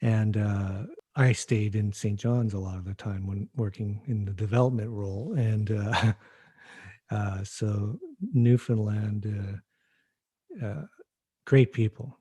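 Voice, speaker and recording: Mellow-voiced man hosting a podcast. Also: on the low side, steady tone, takes it slowly, slightly rough, dry recording. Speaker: podcast host. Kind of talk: casual podcast chat.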